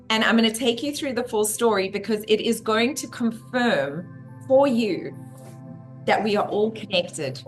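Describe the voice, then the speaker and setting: A woman hosting a spiritual live stream, effusive and greeting her viewers one by one by name. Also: medium pitch.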